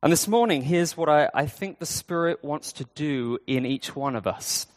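A man's voice: a little high, lively intonation, moderate pace, long reverb tail. A man preaching a sermon in an easygoing, conversational way, with fillers and restarts. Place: church.

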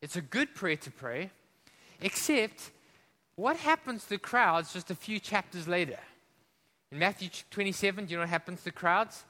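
A man's voice: high voice, lively intonation, normal speed. Impassioned preacher man, echoey hall. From Africa. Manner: impassioned, swinging between loud emphasis and hushed drops; rhetorical questions to the congregation. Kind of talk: sermon.

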